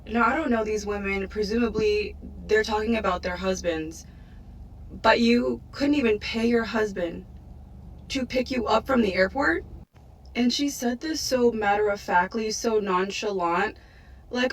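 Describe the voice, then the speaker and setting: A woman's voice: medium pitch, normal speed, distant mic, poor audio. A woman telling a story in a chatty, incredulous way. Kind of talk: storytelling vlog.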